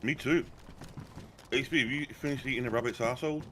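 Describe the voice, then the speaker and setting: Quick, teasing man. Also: medium pitch, bright, forceful tone, a little hiss or hum. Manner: teasing, blunt. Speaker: co-player. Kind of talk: casual banter while gaming.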